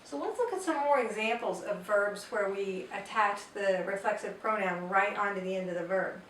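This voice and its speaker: A woman's voice: mid-range voice, normal speed, fairly bright tone. A woman teaching a Spanish grammar lesson, explaining patiently and step by step with example sentences. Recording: roomy echo, distant mic, faint noise.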